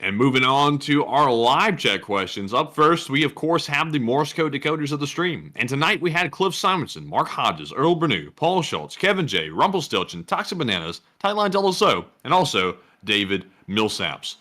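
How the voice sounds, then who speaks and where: Bright co-host reading viewer messages. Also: male voice, medium pitch, big pitch swings, moderate pace, hardly any pauses.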